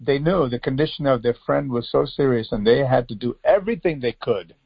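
An earnest male preacher with a gravelly, husky voice delivers a devotional sermon. He presses his listeners with pleading rhetorical questions. The recording sounds dull and lo-fi, with a dry, close sound. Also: mid-range voice, fairly quick, dry recording.

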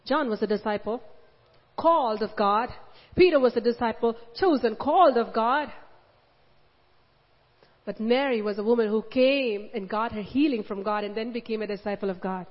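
A woman's voice: fairly high pitch, moderate pace. A woman preaching a sermon with passion, acting out the pleading words of the people in her story. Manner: impassioned, acts out Mary's pleading lines. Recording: dull sound with long hall reverb.

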